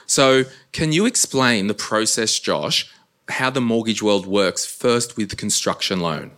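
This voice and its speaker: A man's voice: on the low side, lively intonation, unhurried, a bit bright. Upbeat Australian man hosting a podcast. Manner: upbeat, chatty, encouraging. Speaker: podcast host. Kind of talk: casual podcast chat.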